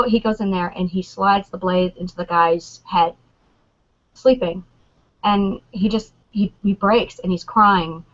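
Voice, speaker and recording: A woman on a convention panel, chatting excitedly and acting out lines from scenes. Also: a little high, unhurried, dull audio. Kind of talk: animated fan chat.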